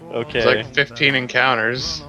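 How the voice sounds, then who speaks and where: A man's voice: mid-range voice, fairly even intonation, moderate pace, pushed and bright, faint music behind. A man playing a tabletop game, joking and bantering with the table. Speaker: player. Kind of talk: casual tabletop play.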